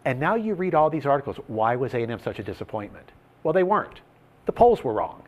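A man hosting a sports betting talk show, leading the segment in a lively, emphatic way and laying out odds and stats. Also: medium pitch, fast, muffled recording.

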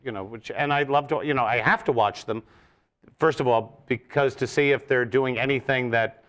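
A bright, forceful man telling stories as a podcast guest. He is an animated comedian who keeps breaking into shouted, high-pitched impressions of hecklers. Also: moderate pace. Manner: animated storyteller, jumps into loud high-pitched crowd impressions. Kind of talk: casual storytelling on a podcast.

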